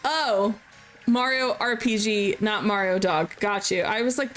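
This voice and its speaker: A woman's voice: mid-range voice, moderate pace, a bit bright, soft background music. A young woman chatting casually and giggling as she streams a game from home. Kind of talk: casual chat while playing a game.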